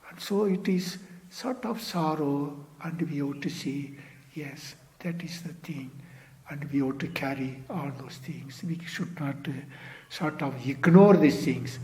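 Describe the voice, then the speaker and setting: A man giving an unhurried dharma talk as a Zen teacher, padding with "you see" and "sort of", repeating phrases, and trailing to a near-whisper at phrase ends. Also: a little high, a little mellow.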